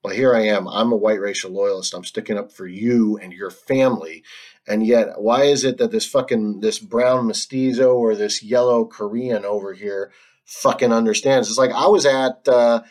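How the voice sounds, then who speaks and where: A man's voice: lowish voice, steady tone, a little mellow. A man hosting a solo stream, talking in a casual, rambling monologue full of restarts, fillers and frequent laughs. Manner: halting, many restarts and fillers, laughs often.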